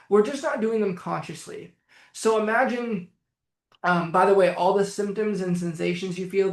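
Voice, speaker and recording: A man's voice: high voice, roomy sound. A man coaching viewers through anxiety and panic on a live stream, blunt, casual and emphatic, with the odd swear word.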